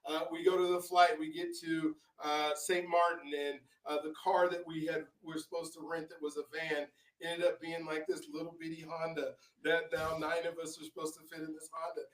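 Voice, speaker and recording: A man with a fairly high voice tells stories as an interview guest, rambling through fillers and restarts. He sounds well back from the mic. The room around him is echoey. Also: flat delivery, moderate pace, hardly any pauses, a bit bright. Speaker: author and guest. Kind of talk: casual interview storytelling. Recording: roomy, distant from the mic.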